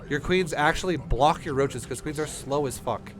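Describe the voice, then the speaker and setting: Here a man with a slightly high voice speaks at a normal pace, coaching a player through a StarCraft game replay during a relaxed stream. He's blunt, heated and swears often, his nose is running, and music plays underneath.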